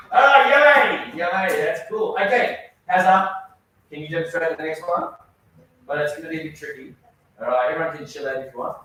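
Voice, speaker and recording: Male karate coach, upbeat and encouraging with students; higher voice, distant mic in a booming echoey training hall. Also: moderate pace, pushed and bright, slight background noise. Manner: encouraging, praising students often. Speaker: karate instructor. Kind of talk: coaching a children's class.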